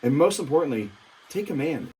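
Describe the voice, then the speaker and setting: A man's voice: a little high, very animated, a little fast, dark tone, husky. A young man, an upbeat real estate technology trainer, giving an emphatic walkthrough with lots of fillers.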